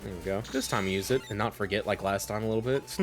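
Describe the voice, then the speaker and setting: Talking fast in a low voice, this man rambles casually over footage of his own gameplay as a streamer. He laughs a lot and fills his sentences with padding, especially "a little bit," with faint game music behind him.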